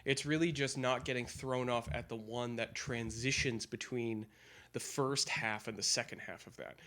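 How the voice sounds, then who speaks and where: Casual male drummer, mid-pitched, meandering explainer who scats patterns. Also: steady tone, normal speed, fairly bright tone. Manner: rambling, hesitant with fillers, scats drum and guitar patterns aloud. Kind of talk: casual practice-session chat.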